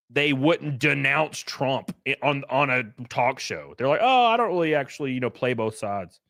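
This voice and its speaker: A young man on a livestream talks straight into a close desk mic, and the sound is dry, with no room echo. His pitch swings widely as he jumps from one thought to the next. He reads chat aloud and answers it bluntly, swearing freely. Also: a bit bright. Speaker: streamer reading live chat. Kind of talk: casual livestream commentary.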